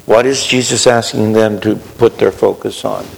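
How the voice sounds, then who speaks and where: A man's voice: lowish voice, steady tone, normal speed, gravelly, hardly any pauses, breathy edge. A man preaching a sermon in a conversational way, often asking his listeners questions. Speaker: pastor. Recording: long reverb of a hall.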